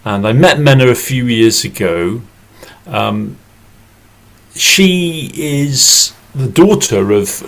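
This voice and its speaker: A man from England, telling a story slowly and expressively over a video call. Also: mid-range voice, low-quality recording. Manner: slow, deliberate and expressive. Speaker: storyteller and English teacher. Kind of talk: oral storytelling.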